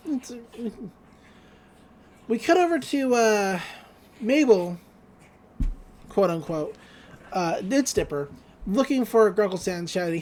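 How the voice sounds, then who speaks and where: A woman's voice: mid-range voice, expressive, a little slow, pauses often, darkish tone, slight background noise. A woman co-hosting a podcast, casually recapping a cartoon episode with wry asides and frequent laughter. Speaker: podcast co-host.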